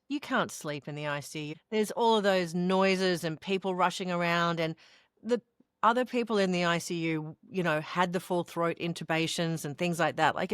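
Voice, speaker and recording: A woman's voice: fairly low pitch, clean tone, no echo, studio quality. A middle-aged woman with an Australian accent, telling her own story candidly as an interview guest and acting out the voices of people she quotes. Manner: expressive, acts out quoted voices, laughs while telling.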